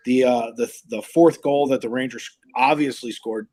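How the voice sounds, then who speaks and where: A man's voice: mid-range voice, steady tone, normal speed, darkish tone. A man hosting a live hockey show, ranting animatedly and incredulously in casual sports chat.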